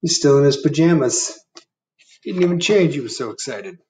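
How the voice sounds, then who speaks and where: A male first grade teacher reading a storybook to his class over video, gentle and chatty, his pitch swinging widely as he asks the kids questions. He sits a little way from the mic in an indoor room. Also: animated, normal speed, recorded from a distance, slight background noise. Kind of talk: reading a picture book aloud to children.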